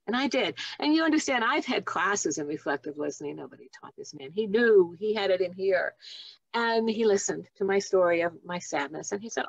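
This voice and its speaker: A woman in her seventies, a guest author and teen counselor, telling warm family stories on a video call and acting out the voices in them. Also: mid-range voice, fairly quick, vocal fry, dry recording, highs cut off. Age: 70s. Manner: animated storyteller, acts out voices in her stories. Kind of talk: casual storytelling on a video call.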